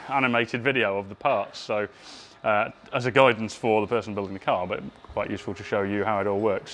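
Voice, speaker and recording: A man's voice: fairly low pitch, fairly bright tone, slight background noise. Upbeat man giving a workshop update. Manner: chatty and upbeat, self-deprecating jokes. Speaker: workshop presenter.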